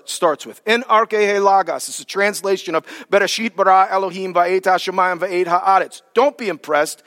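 A man preaching a sermon as pastor, emphatic, drawing key words out slowly for weight. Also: high-pitched, fairly bright tone. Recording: long reverb of a large hall.

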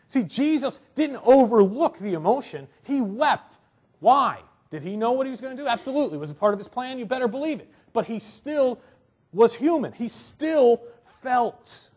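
Husky-voiced male preacher, conversational. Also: very high voice, lively intonation, normal speed. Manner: conversational preaching, acts out quotes, often asks "right?". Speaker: pastor. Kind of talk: sermon.

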